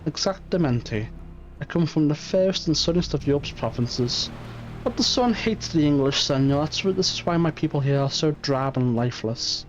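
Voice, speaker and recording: A man's voice: fairly high pitch, normal speed, a little mellow, natural voice. A man voicing a lovesick, flamboyant Spanish fishmonger in a game reading, with a put-on Spanish accent. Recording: muffled stream audio, faint music.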